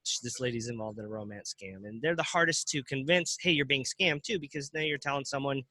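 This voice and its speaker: A man with a strikingly bright, forceful tone talks through his experiences in a relaxed interview, halting and restarting his sentences as he goes. The sound is close and dry, with no room echo. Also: mid-range voice. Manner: halting, restarts and repeats words. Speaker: crypto ATM business owner. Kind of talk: casual interview talk.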